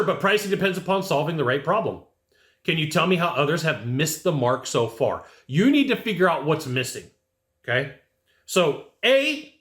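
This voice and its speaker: A man's voice: on the high side, pushed and bright, roomy sound. A man coaching HVAC technicians in sales. He talks casually to camera, acts out sales scripts and tags his points with "right?" and "okay?". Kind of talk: casual instructional talk to camera.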